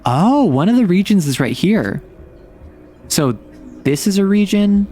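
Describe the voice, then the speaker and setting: A man's voice: high voice, sing-song, measured pace, mellow, soft background music. A man streaming a game and talking through it in a playful, chatty way, reacting to everything with big, exaggerated responses. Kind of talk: casual game commentary.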